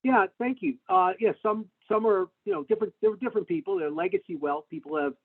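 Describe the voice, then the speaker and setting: A middle-aged man telling stories in an interview, animated and full of fillers and restarts, speaking over a video call. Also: high-pitched, fairly quick. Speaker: tax lawyer, interview guest. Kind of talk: conversational interview answers. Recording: tinny phone-like webinar audio.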